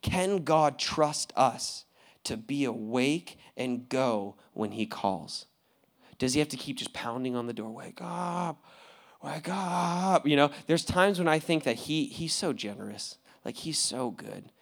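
A young adult man preaching a sermon as pastor, in a casual, slangy way, often laughing and swinging from quiet asides to loud outbursts. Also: medium pitch, expressive, a little slow.

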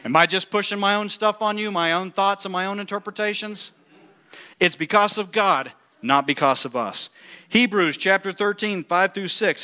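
A man in the pulpit delivers an animated sermon with a somewhat high, bright and forceful voice. He reads scripture aloud and keeps turning to the congregation with questions. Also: moderate pace. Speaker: pastor. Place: church.

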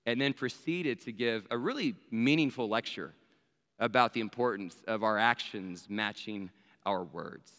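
A man's voice: lowish voice, unhurried, fairly bright tone. A man telling a story in a sermon, acting out the voices of the people in it. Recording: long hall reverb.

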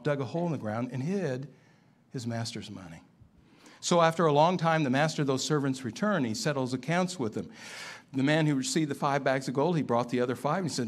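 A man preaching a sermon, emphatic and building to animated climaxes. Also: mid-range voice. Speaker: pastor.

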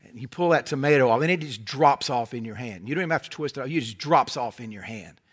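Fast and medium in pitch, with a breathy edge, a middle-aged Southern American man from North Carolina preaches a sermon. He uses folksy humor and animated stories, sometimes dropping into soft intensity.

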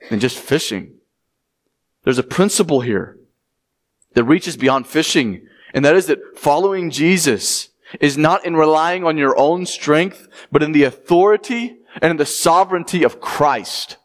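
A man preaching a conversational sermon, often acting out the people he quotes. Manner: conversational preaching, acts out quotes with rising pitch. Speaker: pastor.

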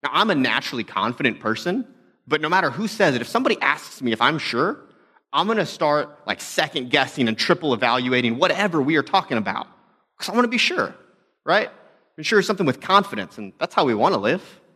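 A man's voice: fairly high pitch, big pitch swings, a little fast, bright, forceful tone, slightly rough. A young adult man, a pastor, telling stories in a conversational, self-deprecating sermon talk.

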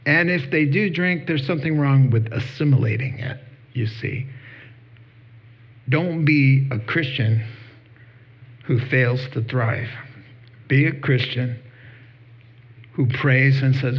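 A husky male pastor delivering a sermon, slipping into lively acted-out voices as he retells conversations. The recording is somewhat dull and lo-fi. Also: mid-range voice, takes it slowly, long pauses. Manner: animated storytelling with acted-out dialogue.

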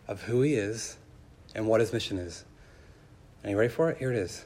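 A young man preaching a sermon, telling stories with lively asides and voice rising when he gets excited. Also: lowish voice, fairly quick, breathy edge. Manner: storytelling with animated asides, voice climbing when excited. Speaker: pastor.

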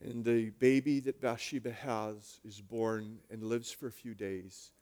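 A male pastor preaching a sermon, retelling stories with lively swings between hushed and loud delivery. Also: fairly low pitch, measured pace.

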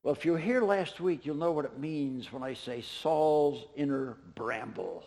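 A man's voice: medium pitch, animated, measured pace, darkish tone. A man preaching a sermon, retelling scripture in a casual, storytelling way with offhand asides. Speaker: pastor.

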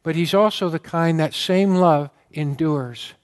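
A pastor preaching a sermon tells a story earnestly and with feeling, at times getting choked up. His voice is on the high side and his pace is unhurried.

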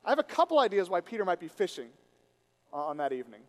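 A man with a notably high voice preaches a sermon. He tells stories with animated quoted voices, then sinks to a quiet, intimate tone when he turns reflective. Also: quick pace. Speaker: pastor.

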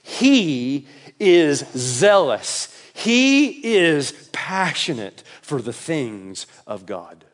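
Male pastor, Southern US accent, high-pitched, emphatic sermon delivery with playful asides. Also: big pitch swings, very slow. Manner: emphatic, jokey, swings between loud and soft.

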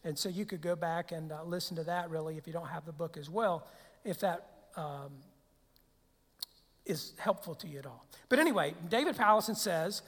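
A man's voice: on the high side, moderate pace, a bit bright. A man preaching a sermon as pastor, conversational, with rhetorical questions and frequent restarts. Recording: long hall reverb.

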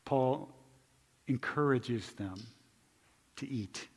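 A male pastor preaching a conversational sermon, moving between loud emphatic stretches and hushed quiet ones. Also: medium pitch, very slow, vocal fry, big-room sound, slight background noise.

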